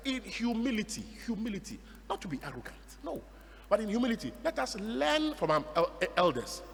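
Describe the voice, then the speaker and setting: A middle-aged Ghanaian priest preaches in a high, lively voice that swoops up and down as he acts out each side of a conversation. His words ring out with a long reverb, as in a large church. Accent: Ghanaian English. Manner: animated storytelling, acts out the dialogue, laughs often. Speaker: Catholic priest. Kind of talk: homily.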